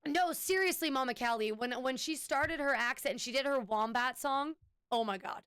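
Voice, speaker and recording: A woman streaming from home, chatting loosely with her viewers and thanking subscribers. Her voice is smooth and clear and sits a little high. The sound is close and dry. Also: moderate pace, a bit bright, dry recording. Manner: rambling, with frequent restarts and "anyway". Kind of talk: casual chat with stream viewers.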